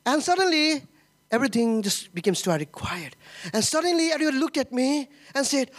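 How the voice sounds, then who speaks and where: A man's voice: extremely high pitch, big pitch swings, moderate pace. A man preaching a sermon as pastor, telling a personal story with emotion, laughter and many repetitions.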